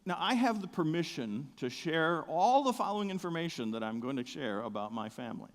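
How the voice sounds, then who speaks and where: A middle-aged pastor preaches a sermon in a church sanctuary with a big outdoor voice, telling humorous stories. He swings from soft asides to loud, excited bursts. His voice is a little high and brisk, with a big-room sound.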